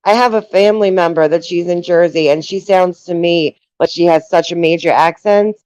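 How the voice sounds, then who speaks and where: New york woman hosting a chat, laughs a lot, trails off, smooth voice. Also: on the low side, normal speed, a little mellow, no echo, rough recording. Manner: chatty, laughs often, trails off with fillers. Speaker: host. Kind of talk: casual chat.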